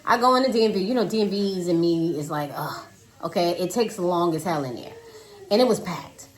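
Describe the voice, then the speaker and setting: Woman, 30s, home storytime vlog, lower-pitched voice, lively delivery, calls viewers "y'all". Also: a little fast. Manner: animated, dramatic retelling with quoted voices. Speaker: vlogger. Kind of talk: casual storytime. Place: home, cooking while talking. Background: child singing in the background.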